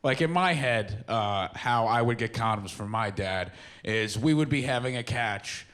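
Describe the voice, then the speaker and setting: Lively, rambling male stand-up comic. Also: medium pitch, unhurried. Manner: rambling, self-deprecating, bursts into shouts. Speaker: stand-up comedian. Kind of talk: stand-up storytelling. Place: stage with a live audience. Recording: live stage recording with faint room noise.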